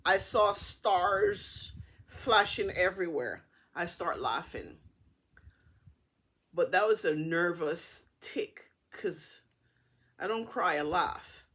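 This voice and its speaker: A middle-aged woman casually telling a personal story to her camera in a chatty, animated way. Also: lowish voice, slow pace, slightly rough. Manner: chatty, animated retelling with acted-out dialogue. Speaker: vlogger.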